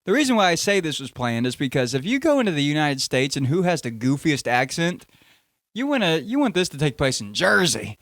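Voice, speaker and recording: A man's voice: fairly high pitch, sing-song, brisk, a bit bright, no echo, studio quality. A young man hosting a casual podcast, rambling and joking, often cutting himself off mid-sentence. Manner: rambling, jokey, self-interrupting. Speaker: podcast host.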